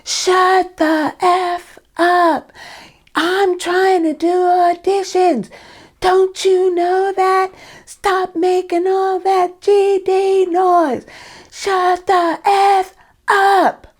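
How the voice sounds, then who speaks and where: A woman acting out a furious male theater director, yelling crude orders at the top of his lungs. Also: very high-pitched, flat delivery, very slow, voice pushed up, full character voice.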